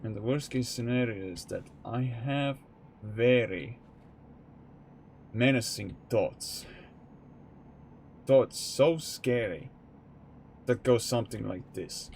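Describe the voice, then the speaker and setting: A young man talking to his live-stream chat from a home gaming setup. He speaks slowly in a mid-pitched voice, rambling and candid, and swears freely as he thinks out loud. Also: gravelly, a little hiss or hum. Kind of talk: casual live-stream chat while playing a truck game.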